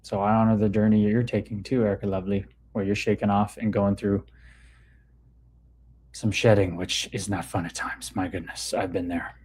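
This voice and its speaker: A man with a lowish, darkish voice hosts a laid-back livestream about spirituality, speaking flatly at a moderate pace. He greets viewers by name as he reads their comments, with a faint hiss or hum in the background.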